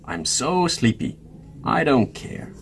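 Storybook bear: big, drowsy, unhurried, every word dragging, as a male reader puts him on. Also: mid-range voice, very animated, slight background noise. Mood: sleepy. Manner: slow, drowsy and unbothered.

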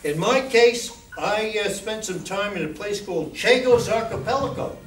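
A man's voice: high-pitched, lively intonation, normal speed, a bit bright. A man giving an informal talk to a club meeting as a guest speaker, chatty and often asking the audience questions. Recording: echoey room, distant mic, faint noise.

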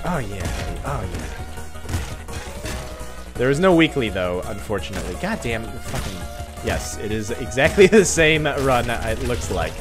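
Excitable male gamer host, wildly swooping voice, music bed under him. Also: medium pitch, measured pace. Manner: excitable, swings from mutters to yelps and laughs. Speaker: gaming channel host. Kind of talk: let's play commentary. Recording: game music behind. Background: game music.

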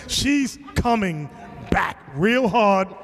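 Animated high-voiced male preacher. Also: extremely slow, gravelly, long reverb tail, crowd noise. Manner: animated storytelling, acting out quotes, shouting at times. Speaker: teacher. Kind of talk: sermon.

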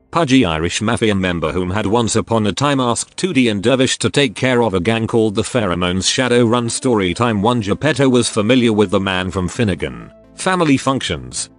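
A synthetic male text-to-speech voice narrating a story in a flat machine reading. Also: on the low side.

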